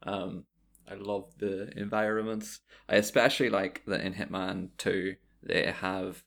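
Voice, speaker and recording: A man's voice: low voice, flat delivery, measured pace, gravelly, fairly bright tone. A man in casual podcast chat about video games, rambling with many fillers and restarts.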